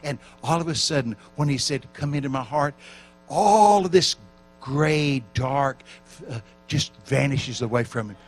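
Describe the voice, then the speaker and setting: A man preaching at a church camp meeting, telling stories with lively acted-out voices and shouting for emphasis. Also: medium pitch, a little slow, faint music behind. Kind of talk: storytelling sermon.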